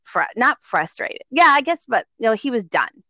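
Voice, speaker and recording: A middle-aged woman, a guest telling a personal story in an animated, conversational way, often acting out the voices of others and laughing. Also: on the high side, moderate pace, dry recording. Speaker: guest, parent.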